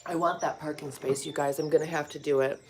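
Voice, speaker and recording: A woman's voice: sits low, fairly even intonation, fast, a little hiss or hum. A woman vlogging in a casual morning chat, joking and talking to her dogs. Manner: chatty, joking asides, talks to her dogs. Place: indoors by a window, birds outside. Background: birdsong.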